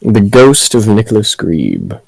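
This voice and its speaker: A man chatting casually with fellow tabletop game players, playful and quick to laugh. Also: lowish voice, huge pitch swings, vocal fry, a little mellow, breathy edge, no room sound, low-quality recording. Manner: giggly, playful. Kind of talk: casual chat.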